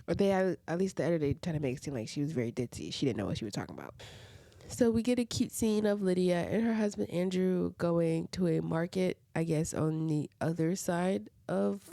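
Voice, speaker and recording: A woman's voice: fairly low pitch, brisk, vocal fry, warm tone, no echo. A woman casually recapping reality TV episodes, chatty and full of side comments and "like" fillers. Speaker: reality TV reviewer.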